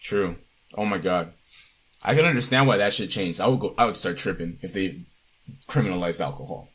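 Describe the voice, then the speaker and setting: A young man co-hosting a podcast in casual chat, relaxed and animated, swearing freely. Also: low-pitched, a little fast, breathy edge. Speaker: podcast co-host.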